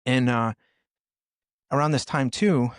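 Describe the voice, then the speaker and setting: A man in his forties, a former first responder, candidly retelling hard experiences on a podcast with intense, animated delivery. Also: mid-range voice, takes it slowly, smooth, no room sound, clean studio sound. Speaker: podcast guest, former police officer and firefighter. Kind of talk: candid personal storytelling.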